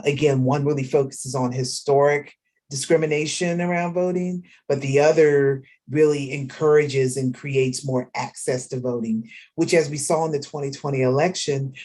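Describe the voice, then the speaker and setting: A woman's voice: very deep voice, warm tone, breathy edge. Earnest woman panelist on a webinar. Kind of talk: online panel discussion.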